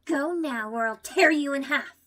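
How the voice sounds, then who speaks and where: A woman voice actor playing a determined young female fighter who protects her sisters, in a breathy, half-whispered delivery that rises to shouts. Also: sits high, moderate pace. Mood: defiant. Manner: earnest, defiant, rising to shouted threats.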